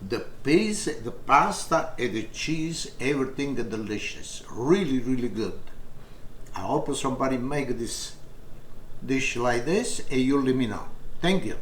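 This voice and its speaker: A man's voice: mid-range voice, expressive, unhurried, reverberant, slight background noise. An older man from Italy with a strong Italian accent, hosting a home cooking lesson in broken English and repeating words with enthusiasm. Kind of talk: casual cooking demonstration. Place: home kitchen.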